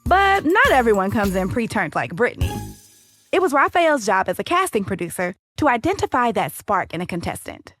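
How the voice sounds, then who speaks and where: A woman hosting and narrating a documentary-style podcast in a measured, storytelling way. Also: on the high side, very animated, a bit bright, dry recording, clean studio sound, faint music behind.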